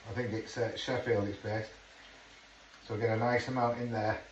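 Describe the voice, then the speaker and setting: A man's voice: fairly low pitch, level tone, moderate pace. A middle-aged man chatting casually as he cooks at home, swearing under his breath now and then. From England. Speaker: home cook. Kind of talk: casual cooking vlog chat. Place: home kitchen. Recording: echoey kitchen, far from mic, noisy.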